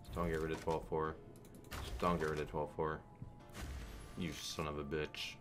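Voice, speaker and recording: Deep-voiced man swearing through commentary. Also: level tone, normal speed, music in the background. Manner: frustrated, swearing, thinking aloud. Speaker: online slot streamer. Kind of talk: casual profane play-by-play commentary.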